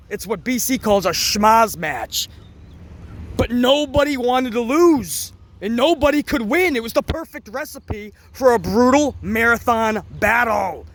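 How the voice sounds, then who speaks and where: A man giving a casual, excitable review of a wrestling event, rambling and swearing as he goes. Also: high voice. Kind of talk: casual commentary.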